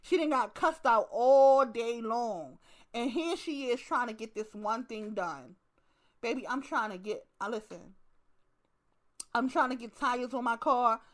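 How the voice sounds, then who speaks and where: Animated, high-voiced woman telling stories. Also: measured pace. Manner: profane, animated storytelling with acted asides. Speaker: channel host. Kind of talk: casual monologue to camera.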